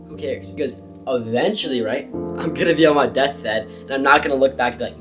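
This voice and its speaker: Young guy hyping you up on confidence, mid pitch, faint guitar behind. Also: quick pace, hardly any pauses. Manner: animated, emphatic, slangy. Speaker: self-improvement creator. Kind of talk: casual motivational talk to camera.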